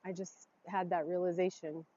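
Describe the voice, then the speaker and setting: A woman speaking a heartfelt, halting blessing and reflection outdoors, emotional and close to tears. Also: fairly low pitch, little pitch movement, dark tone, dull audio. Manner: heartfelt, tearful, halting with pauses. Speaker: vlogger doing an outdoor ritual. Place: forest, outdoors.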